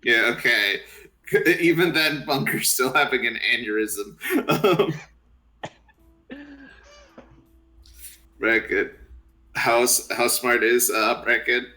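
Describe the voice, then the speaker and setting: A man playing a tabletop game, chatting casually and halting mid-sentence. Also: medium pitch, lively intonation, pushed and bright. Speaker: player.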